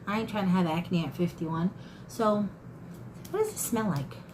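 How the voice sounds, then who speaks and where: A woman's voice: medium pitch, normal speed, a little mellow, a little hiss or hum, rough recording. Chatty fifty-something woman vlogger. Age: 50s. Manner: chatty, folksy, addresses viewers as y'all. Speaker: thrift haul vlogger. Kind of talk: casual haul chat to camera.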